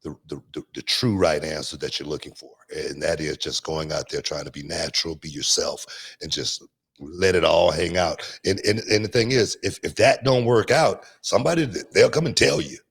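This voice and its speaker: Middle-aged guy on a podcast, lowish voice, laughs a lot, stumbles over words while thinking. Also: moderate pace, breathy edge. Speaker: podcast host, former wrestler. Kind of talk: casual chat.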